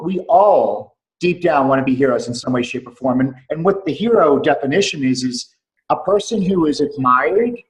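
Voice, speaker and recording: On a remote call with poor audio, a middle-aged clinic doctor appears as a podcast guest and earnestly shares a personal story. His voice is fairly high, and he repeats phrases to give them weight.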